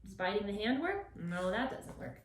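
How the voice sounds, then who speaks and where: A woman dog trainer explaining a puppy session, switching between calm explanation and high, bright praise for the dog. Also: normal speed, a little hiss or hum. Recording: echoey, from a distance.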